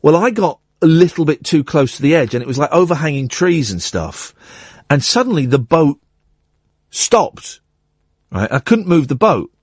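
Male radio host, middle-aged, lively storyteller with a slightly husky, dry studio sound. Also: on the high side, normal speed, no room sound. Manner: animated anecdote with acted-out quotes.

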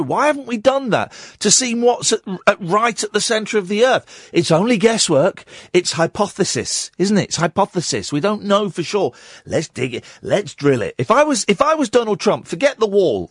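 Late-night radio host, male, rambling and excitable, very animated pitch, dry close studio mic. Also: breathy edge, no echo. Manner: rambling, excitable, self-mocking. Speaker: radio presenter. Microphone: studio microphone.

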